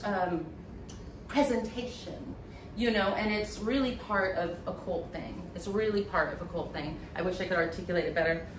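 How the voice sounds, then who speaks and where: Animated woman telling a story, echoey distant sound. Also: on the high side, slight background noise. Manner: animated, acts out others' voices, many fillers. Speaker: interview guest, former acting student. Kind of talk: candid storytelling in conversation.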